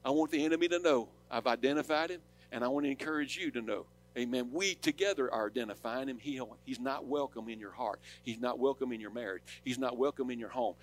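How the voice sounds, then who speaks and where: Man, Southern accent, pastor, sermon, fervent, loud-to-soft swings, mid pitch. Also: fast, few pauses. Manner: impassioned, swings from loud preaching to soft storytelling.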